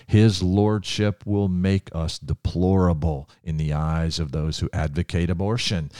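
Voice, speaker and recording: A man's voice: low-pitched, dark tone, clean tone, no room sound, clean studio sound. An older man preaching a fervent sermon as a pastor, building to emphatic praise.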